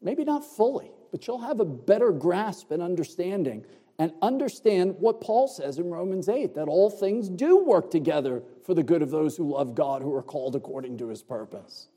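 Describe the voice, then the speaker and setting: A man's voice: high-pitched, expressive, warm tone, breathy edge. Man preaching in a reverberant hall. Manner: explains Greek words, emphatic and deliberate. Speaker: pastor. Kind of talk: expository sermon.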